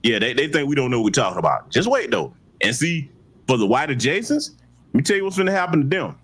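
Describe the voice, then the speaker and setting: Brief: male commentary host, animated and sarcastic, wide-swinging pitch. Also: fast, husky. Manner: mocking, preachy, talks back to clips. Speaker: host commenting on political clips.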